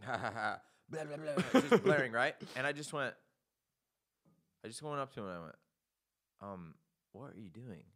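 A man with a bright, forceful voice hosts a relaxed comedy chat. He tells stories with lots of energy and acts out the voices of the people in them. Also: mid-range voice, moderate pace, pauses often. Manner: animated storytelling, acts out quotes. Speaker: podcast host.

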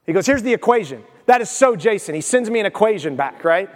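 A man's voice: high-pitched, expressive, fast talker. A man preaching a sermon as pastor, telling everyday stories and asking the congregation direct questions. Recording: long hall reverb.

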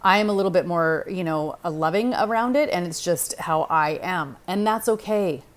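A middle-aged woman with a slightly low voice gives casual advice. She talks straight to the listener, direct and chatty, and keeps checking in with "okay?" and "right?" along the way. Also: moderate pace. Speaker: podcast host.

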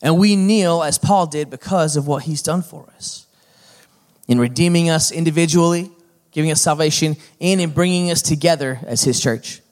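A man's voice: fairly high pitch, normal speed, a little mellow. A middle-aged male pastor preaching a sermon in a folksy, conversational manner that builds to emphatic points.

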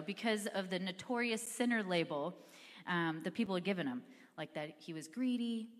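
A woman's voice: mid-range voice, in a large hall. A woman preaching a sermon in a church, speaking in a conversational, earnest way with casual fillers. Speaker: pastor. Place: church sanctuary.

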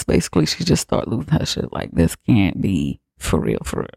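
Gravelly, profane film-recap podcaster. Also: low voice, wildly swooping pitch, moderate pace, a little mellow, dry recording, studio quality. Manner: rambling, profane, filler-heavy. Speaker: podcast host.

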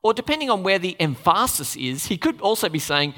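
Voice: medium pitch, big pitch swings, brisk, a bit bright. A preacher giving a sermon in a conversational way, asking the congregation questions and adding playful asides. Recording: long reverb of a large hall.

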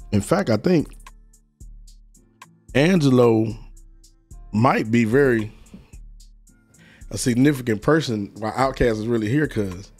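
Male guest DJ, animated profane storyteller. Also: medium pitch. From Atlanta, US. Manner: animated, profane, acts out quoted voices. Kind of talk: casual storytelling.

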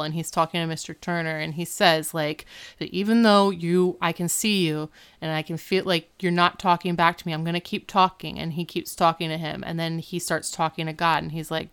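A woman's voice: low-pitched, fairly quick, clean tone. A woman co-hosting a casual podcast chat, animatedly retelling a TV episode and acting out the lines. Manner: animated retelling with acted-out quotes and laughter. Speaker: podcast co-host recapping a TV episode.

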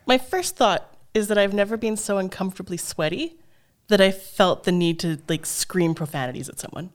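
A woman in casual conversation, thinking out loud in a reflective, chatty way. She laughs lightly now and then. Her voice sits at a middle pitch. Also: normal speed. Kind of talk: casual chat.

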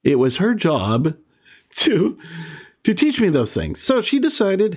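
A man's voice: sits high, huge pitch swings, slow, a little mellow. A man in his sixties hosting a podcast, telling a personal story in a candid, self-deprecating way and chuckling as he remembers. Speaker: podcast host.

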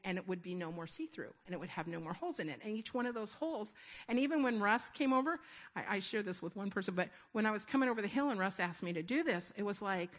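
Woman, church testimony, rambling animated storytelling, acts out quoted inner voices, mid-pitched. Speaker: church member giving a testimony. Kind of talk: personal testimony.

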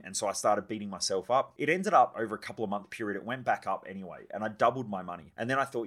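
A male podcast host talks fast in a low-pitched voice through a casual solo monologue. He is candid and swears freely, and he acts out his own past reactions as he tells a personal story. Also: fairly bright tone.

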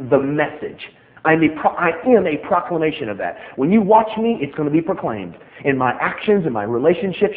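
A middle-aged man preaching a sermon, emphatic and animated, repeating key phrases for stress. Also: fairly high pitch. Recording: tinny phone-like sound.

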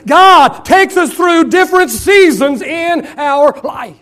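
High-voiced middle-aged pastor preaching. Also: male voice, animated. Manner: swings between loud shouted emphasis and soft, hushed asides; drawn-out, slowed phrases for emphasis. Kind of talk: sermon.

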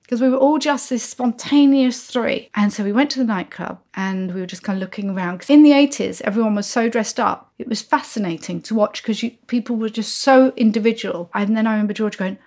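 Gravelly woman telling a story. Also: a little high, fairly quick. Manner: animated, acts out the voices of the people in her story. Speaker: guest. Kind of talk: storytelling anecdote in an interview.

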